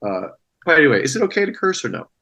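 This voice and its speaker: A man's voice: a little high, big pitch swings, very fast, pushed and bright, low-quality recording. A man talking as a guest actor in a casual interview, rambling with many restarts and fillers.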